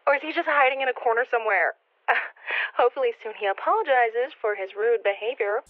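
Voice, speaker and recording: An actress playing an excited, gossipy young superfan calling in. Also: female voice, on the high side, fast talker, no echo, natural voice. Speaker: caller. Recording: tinny dry phone line.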